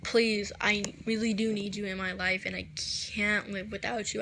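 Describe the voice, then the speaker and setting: A woman telling a personal story to camera, recounting quoted text messages in a soft, halting voice that drops at times to near a whisper. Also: mid-range voice, flat delivery, creaky, very noisy. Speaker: vlogger.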